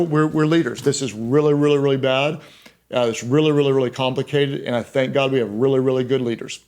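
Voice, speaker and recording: A middle-aged man, a pastor giving a leadership talk, speaking emphatically and conversationally, repeating key words for stress and dropping in self-deprecating asides. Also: medium pitch.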